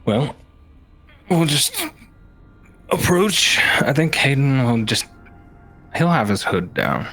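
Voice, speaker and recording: A man playing a tabletop game, relaxed and thinking aloud about his character's moves. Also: medium pitch, slow pace, long pauses, faint music behind. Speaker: player.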